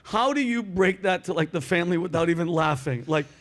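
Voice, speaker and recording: A man hosting a comedy chat show, telling stories with animated delivery and acting out voices. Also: high voice, brisk. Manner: animated storytelling, acts out voices.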